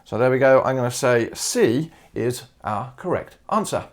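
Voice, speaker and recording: This Australian maths teacher has a medium-pitched, expressive voice and a moderate pace. Working out exam solutions step by step, he talks to himself in a chatty way, with casual asides and the odd "all right" or "uh."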